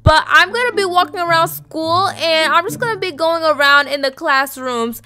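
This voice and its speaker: A woman's voice: sits high, bright, forceful tone. A young woman hosting a gaming channel, chatting directly to viewers while narrating a roleplay.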